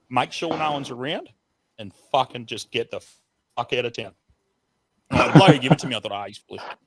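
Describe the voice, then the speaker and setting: A man's voice: medium pitch, a little hiss or hum. A man with an Australian accent telling a rowdy, profane story in casual talk on a group call. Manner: profane, animated yarn-spinner.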